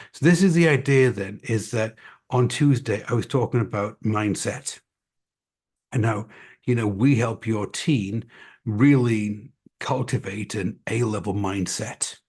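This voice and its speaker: A man's voice: on the low side, darkish tone, slightly rough. A man running an online tutoring company talks casually and energetically to parents on a livestream, with a mixed American-Scottish accent and lots of fillers and asides. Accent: American-Scottish mix. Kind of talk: casual live-stream talk to parents.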